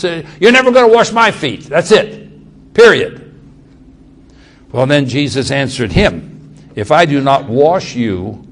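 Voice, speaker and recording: A man delivers a sermon in a slightly raised voice. He acts out the scripture quotes, swinging between quiet asides and loud, slowed emphasis. A faint ambient hum sits behind him. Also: on the high side. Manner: dramatic quoting of scripture, shifting loudness and pace. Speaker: preacher.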